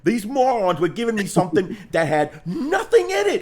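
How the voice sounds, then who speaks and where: A man's voice: high voice, normal speed, slightly rough. A man co-hosting a hobby live stream, chatting casually and rambling with lots of "man" and mild swearing. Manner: rambling, animated, swears mildly, says "man" a lot. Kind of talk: casual chat.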